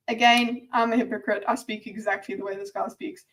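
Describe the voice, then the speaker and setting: Reacting to a video, a chatty woman with a slightly high voice talks fairly quickly with few pauses. Her casual commentary is animated, full of repeated words and restarted sentences, and now and then she falls almost to a whisper.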